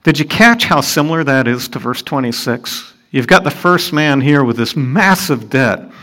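A man's voice: expressive, moderate pace, fairly bright tone. Male pastor, sermon delivery, mid-range voice, earnest and questioning, builds up on emphasis. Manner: earnest, rhetorical questions to the congregation; rises in pitch and volume for emphasis. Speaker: preacher. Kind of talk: sermon, expounding scripture.

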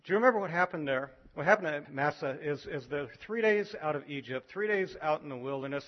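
Animated pastor man preaching, muffled recording. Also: fast, few pauses. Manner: animated, acts out biblical voices with rising pitch. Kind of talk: sermon.

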